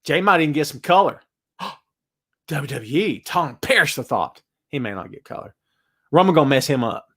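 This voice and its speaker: A man hosting a wrestling chat show, talking casually in an animated, ranting way and laughing often. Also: a little high, moderate pace, husky. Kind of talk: casual live-chat rant.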